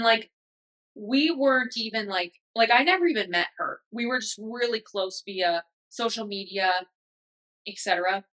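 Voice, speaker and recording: A woman's voice: mid-range voice, pushed and bright, low-quality recording. A woman in her thirties hosting a podcast, talking in a casual, emotional way with many fillers. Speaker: podcast host. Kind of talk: casual reflective monologue.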